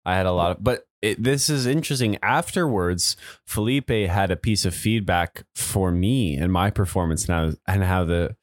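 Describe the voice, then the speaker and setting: A man's voice: low-pitched, moderate pace, hardly any pauses, no room sound, clean studio sound. A young adult man, a comedian and podcast co-host, chatting casually, laughing often and restarting his sentences. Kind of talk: casual chat.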